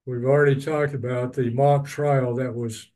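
A man's voice: medium pitch, little pitch movement, normal speed, mellow, low-quality recording. A man teaching a Bible study, reading verses and then explaining them at length with personal asides. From East Texas.

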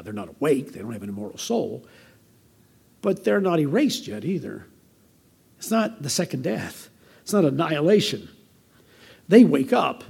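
An older American man delivering a sermon as pastor, conversational and anecdotal, with a gravelly voice. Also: fairly high pitch, a little mellow. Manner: conversational preaching with personal anecdotes.

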